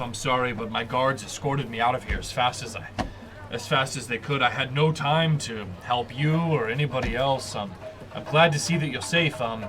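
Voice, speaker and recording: A man's voice: mid-range voice, natural voice. A man voicing an adult male dinosaur-racing patron, a blunt gambler who curses casually and restarts his phrases. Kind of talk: game master voicing a character.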